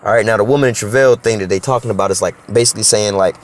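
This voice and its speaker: A man's voice: fairly low pitch, racing. A man preaching informally on scripture in an emphatic, profane street style, checking in with "all right?" and "you know?".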